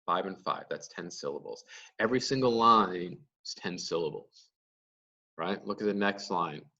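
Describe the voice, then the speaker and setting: A man's voice: deep voice, normal speed, gravelly, bright, forceful tone, recorded from a distance, muffled recording. A male teacher giving a lecture, explaining step by step and answering his own questions. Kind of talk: classroom lecture.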